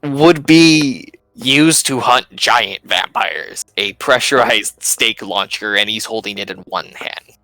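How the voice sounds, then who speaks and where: A man narrating as game master in a tabletop game, animated and laughing often. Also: medium pitch, slow, no echo, faint music behind.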